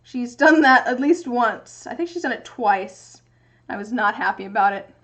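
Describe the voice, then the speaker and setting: Young woman streaming from her craft desk at home, kinda high voice, rambly and chatty. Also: expressive, normal speed, fairly bright tone. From US Pacific Northwest. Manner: rambling and chatty, thinking aloud. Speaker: streamer making resin dice. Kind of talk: casual livestream chat.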